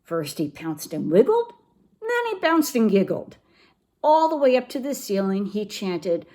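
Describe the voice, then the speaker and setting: A woman reading a picture book aloud to children in an expressive, animated way. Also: medium pitch, measured pace. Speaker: storybook reader for children.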